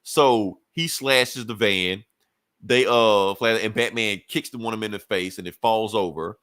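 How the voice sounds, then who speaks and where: Low-voiced man recapping comics, profane. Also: fairly bright tone, clean tone, no room sound. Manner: profane, rambling retelling with quick voiced asides. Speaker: podcast co-host recapping a comic. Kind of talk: casual comic book recap chat.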